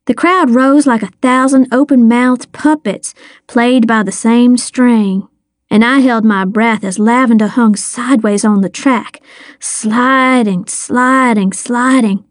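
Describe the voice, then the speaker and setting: A woman's voice: fairly high pitch, steady tone, takes it slowly, no room sound, studio quality. A woman narrating a first-person story in a vivid audiobook reading.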